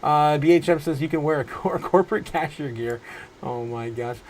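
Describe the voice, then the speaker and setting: Guy in his 30s doing a crypto livestream at home, rambly, lots of stop-start and laughing, slightly high voice. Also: slight background noise, low-quality recording. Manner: rambling, halting restarts, frequent laughs. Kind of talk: casual livestream chat reading viewer comments. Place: home room.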